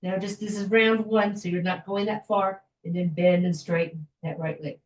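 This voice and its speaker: A woman fitness instructor guiding a floor stretching class in a gentle, chatty way, with small jokes about herself. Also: mid-range voice, steady tone, normal speed, far from the mic. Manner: gentle, chatty, self-joking with little laughs. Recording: echoey room, voice from afar.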